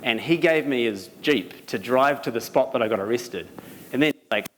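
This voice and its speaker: A man's voice: medium pitch, moderate pace. New Zealand man telling stories in a hall. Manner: animated, laughing as he tells stories. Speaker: speaker at a live talk. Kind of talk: storytelling talk. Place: event venue. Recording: reverberant hall, some noise.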